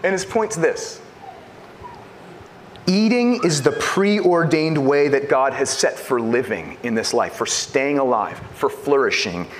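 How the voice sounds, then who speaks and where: Animated preaching man, lively pitch. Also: takes it slowly, a little hiss or hum. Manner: animated preaching, rhetorical questions, swings between loud and hushed. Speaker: pastor. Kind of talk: sermon.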